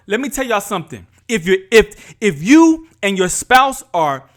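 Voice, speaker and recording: A man's voice: high-pitched, big pitch swings, unhurried, few pauses. A man hosting a podcast, giving a candid, emphatic faith talk and speaking straight to his viewers as y'all. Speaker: podcast host.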